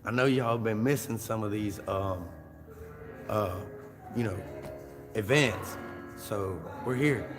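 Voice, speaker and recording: A man's voice: fairly low pitch, slow pace, pauses often, music in the background. A man hosting a casual livestream, chatting loosely and joking with fillers and laughs. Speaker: livestream host. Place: large opera house hall with a crowd gathering. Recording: roomy hall reverb and crowd chatter.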